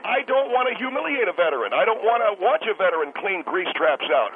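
A man puts on a bitter restaurant owner calling in to a comedy radio show, stumbling over his words and circling back with indignant repeats. His voice sits fairly high and comes through a tinny, hissy phone line. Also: big pitch swings, fast talker. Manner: indignant, stammering, repeats himself. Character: bitter, stammering male restaurant owner caller. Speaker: caller. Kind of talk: comedic radio call-in bit.

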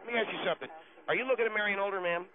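A man's voice: sits high, rapid-fire, voice pushed up, lightly acted. A man voicing a brash, crude middle-aged ex-cop guest on a radio show, who needles callers bluntly. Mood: teasing. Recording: tinny phone line with loud music.

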